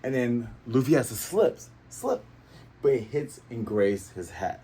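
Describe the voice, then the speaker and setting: Animated man, husky voice. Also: medium pitch, a little slow. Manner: animated, full of sound effects. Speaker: manga reviewer. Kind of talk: casual recap.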